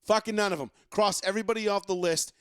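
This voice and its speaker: Male sports podcast host, fired-up profane rant, higher voice, dry booth sound. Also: quick pace, clear, resonant tone, no room sound. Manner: ranting, profane, mocking. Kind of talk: casual sports talk.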